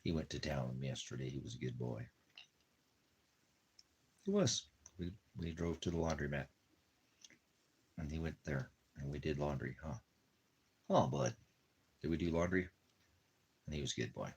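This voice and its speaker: At home in the desert, a man chats casually, circling back over the same points, cooing at his dog and wandering into preachy talk about religion. His voice rumbles low with a darkish tone, a moderate pace, long pauses and a little hiss or hum.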